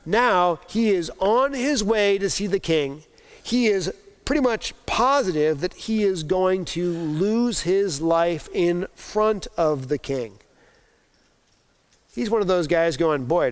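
A pastor preaching a sermon, telling a Bible story and acting out the voices of its people. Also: male voice, high-pitched, lively intonation, slow, clean tone.

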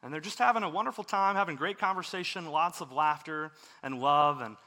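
A man's voice: fairly high pitch, fairly quick, bright, forceful tone. A man preaching a sermon, telling a story in an earnest, conversational way.

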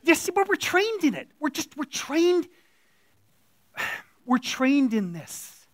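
In a dry recording, a high-voiced male church elder preaches slowly, his pitch swinging widely. The sermon is informal and given before an audience in a church room, and his manner is blunt and chatty as he performs the quoted voices.

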